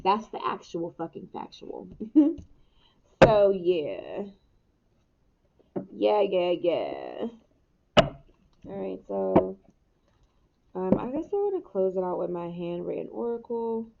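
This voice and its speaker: Slow and gravelly, a young adult tarot reader's mid-range voice swings widely in pitch, broken by long pauses. Her casual spiritual reading is candid, full of laughter and occasional swearing, captured by a muffled mic with noticeable hiss.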